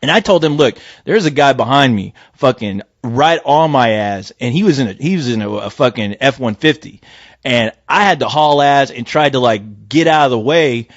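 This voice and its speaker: A man's voice: mid-range voice, moderate pace, no echo. A man hosting a casual podcast chat, telling a story full of swearing and acting out the voices of the people in it. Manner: profane, animated, acts out quoted voices. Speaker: podcast host. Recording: dull dry lo-fi sound.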